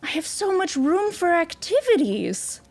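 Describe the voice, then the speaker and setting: A woman's voice: very high-pitched, very animated, a little slow, darkish tone. A young woman streaming a building game, chatting with viewers in a goofy, self-mocking way and giggling often. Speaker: VTuber streamer. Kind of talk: casual game stream chat.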